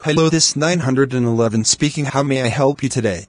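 A man's synthetic-sounding voice reading every part of a grounded video in a flat, robotic way. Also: medium pitch, a little fast, no room sound. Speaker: narrator voicing all parts. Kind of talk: text-to-speech grounded-video narration.

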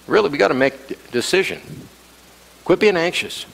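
A man preaching a sermon as pastor, animated and acting out the quoted voices. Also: a little high, a little fast, creaky. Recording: long hall reverb.

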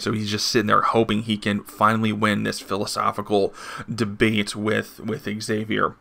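A man with a low, gravelly voice and a bright, forceful edge hosts a casual comic review. He talks in a chatty way and reads panel dialogue aloud between his own remarks. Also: monotone, moderate pace. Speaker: comic book reviewer and host.

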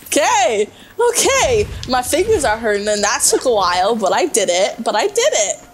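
A woman's voice: on the high side, sing-song, brisk, a little hiss or hum. A young woman hosting a gameplay segment, reacting in panicky, laughing bursts while she plays. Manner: panicky, yelping, laughing asides. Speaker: game show host. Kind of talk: excited gameplay commentary. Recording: voice with game music behind.

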